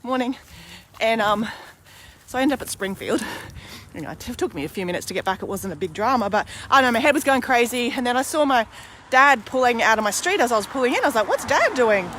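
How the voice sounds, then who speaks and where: A woman's voice: on the high side, expressive, quick pace, a bit bright, slight background noise. A woman in her forties talking candidly to camera in a rambling, casual personal monologue, now and then swearing mildly. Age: 40s. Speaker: vlogger and podcaster.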